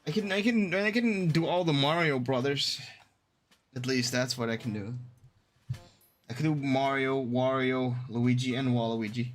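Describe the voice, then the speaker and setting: A man's voice: mid-range voice, fairly even intonation, measured pace, faint music behind. A man streaming a video game live, chatting casually with his chat and trying out funny voices.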